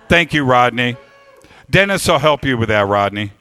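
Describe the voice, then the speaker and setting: A man speaking live to an audience, telling a story with lively emphasis and thanking people. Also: medium pitch, moderate pace. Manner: animated storytelling, warm thanks. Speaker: radio host giving a talk. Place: lecture hall with audience.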